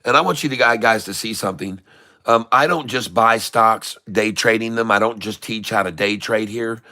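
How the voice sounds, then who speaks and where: A man's voice: lowish voice, normal speed, bright, forceful tone. A middle-aged man from Florida giving folksy, showman-like live market commentary and greeting viewers by name. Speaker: day-trading streamer.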